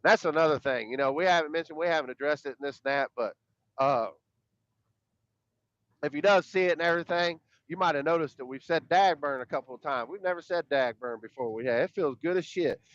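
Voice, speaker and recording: This male podcast co-host speaks a little fast in a slightly high, fairly bright voice with no room sound. His casual, rambling talk is emphatic and full of profanity and repeated words, and the recording is dull, dry and lo-fi.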